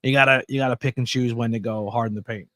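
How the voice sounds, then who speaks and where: A man's voice: mid-range voice, steady tone, quick pace, sharp tone, dry recording, studio quality. A man hosting a casual livestream, chatting loosely about wrestling and telling stories with a laugh, sleepy and yawning. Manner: chatty, laid-back, laughs at own stories. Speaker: livestream host. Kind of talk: casual chat watching wrestling.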